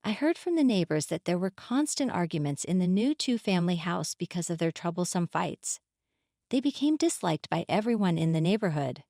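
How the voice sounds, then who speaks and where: A woman telling a scripted first-person story in a calm, steady manner. Her pitch moves up and down a lot, and the sound is close and dry. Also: brisk, no room sound. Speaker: narrator.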